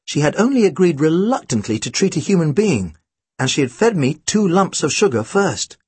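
A man's voice: on the high side, very animated, normal speed, darkish tone, breathy edge, no echo. A man reading a first-person storybook aloud with a dry, wry delivery. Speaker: audiobook narrator.

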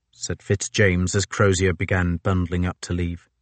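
A man reading a novel aloud as the narrator, in a measured, even storytelling manner on a close microphone. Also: deep voice, no echo. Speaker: audiobook narrator. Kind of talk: scripted narration.

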